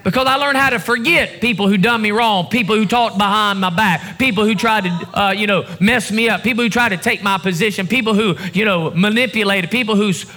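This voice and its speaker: A man's voice: high-pitched, fairly quick, few pauses, sharp tone. A male pastor preaching a sermon to his congregation in a church service, building his emphasis in a call-and-response way.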